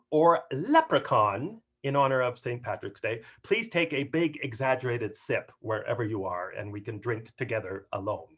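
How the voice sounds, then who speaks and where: A man giving an upbeat, joking talk on workplace humor during a video call, with an animated and playful delivery. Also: medium pitch. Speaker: keynote speaker on workplace humor. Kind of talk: upbeat webinar talk with jokes. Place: home office on a video call. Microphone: video call mic. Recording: dull lo-fi video call audio.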